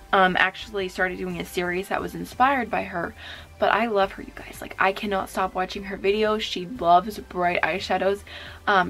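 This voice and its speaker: Chatty young woman with vocal fry. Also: mid-range voice, a bit bright. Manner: chatty and gushing, many fillers. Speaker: beauty vlogger. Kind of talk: casual chat.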